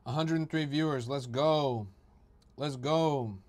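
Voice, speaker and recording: A man's voice: fairly high pitch, takes it slowly, a little mellow. Profane young man ranting at his stream chat. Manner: profane, mocking, rants at chat. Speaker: crypto livestreamer. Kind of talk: livestream chat commentary.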